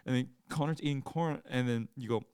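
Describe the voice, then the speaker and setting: A young man co-hosting a podcast, telling stories in casual chat and loudly acting out what people said. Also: mid-range voice, brisk, smooth, no echo, studio quality. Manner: animated storytelling, acts out quotes loudly. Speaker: podcast co-host.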